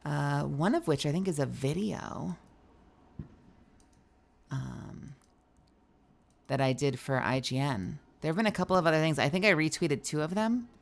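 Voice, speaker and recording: A young woman streams live, her voice low-pitched, expressive, gravelly and unhurried, with frequent pauses. She casually talks with viewers and reads their messages aloud, tired and yawning, swearing occasionally, while faint music plays.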